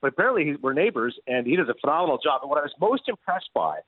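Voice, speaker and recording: A Canadian-born man, a guest sports broadcaster, telling stories in an animated, quick way on a casual sports radio show. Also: on the high side, no echo. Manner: animated storyteller, quick, laughs often. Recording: tinny phone-line remote audio.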